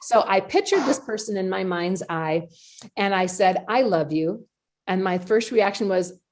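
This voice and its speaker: Animated woman telling a personal story. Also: mid-range voice, moderate pace. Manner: animated, acts out her own past reactions; chatty, with frequent fillers and laughs. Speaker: podcast host. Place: community call or podcast recording.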